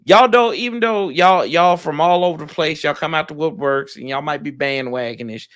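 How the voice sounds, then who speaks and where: A man trading casual, teasing trash talk about football on a live stream, with bursts of loud outrage. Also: a little high, moderate pace. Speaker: rival fan guest. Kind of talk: casual sports debate.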